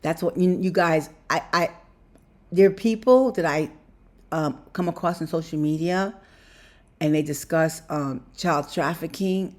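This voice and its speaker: A woman's voice: low voice, a little slow. A woman talking to her viewers in a personal vlog, rambling and emotional, repeating herself and breaking into laughter mid-sentence. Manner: talks straight to viewers as "you guys". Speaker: vlogger.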